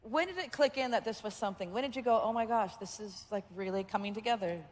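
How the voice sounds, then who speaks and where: A woman's voice: medium pitch, fast talker. A woman voice director chatting on a panel, talkative and laughing often. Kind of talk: panel conversation. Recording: echoey hall.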